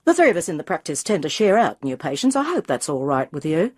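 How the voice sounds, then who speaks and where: A woman voicing a fit man of about forty, an Australian dentist with an offhand, brisk manner. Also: sits low, very animated, a little mellow, breathy edge, heavily acted.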